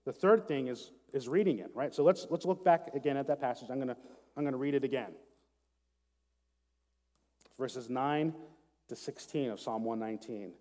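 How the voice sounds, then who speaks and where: A man preaching a sermon as a pastor, earnest and self-deprecating, reading scripture slowly and prayerfully. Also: medium pitch, dark tone. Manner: earnest, laughs at himself, slows down to read prayerfully. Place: church sanctuary with seat backs. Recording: long hall reverb.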